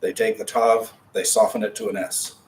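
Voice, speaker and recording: Man, class teacher, patient and chatty, lowish voice, distant mic with faint hiss. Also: little pitch movement, moderate pace, darkish tone. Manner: patient, explanatory, chatty asides. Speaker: Hebrew teacher. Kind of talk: classroom lecture.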